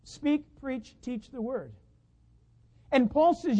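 Male pastor preaching, chatty, lots of questions to the crowd, goes loud then drops real quiet. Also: very high-pitched, animated, slow pace, highs cut off. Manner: conversational, asks the congregation many rhetorical questions; swings between loud emphatic lines and soft murmured asides. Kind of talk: sermon.

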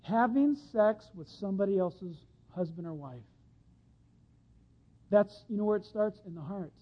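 Folksy animated male preacher, lo-fi. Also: high voice, a little slow. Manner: folksy, animated, acts out little voices. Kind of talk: sermon. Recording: dull lo-fi sound.

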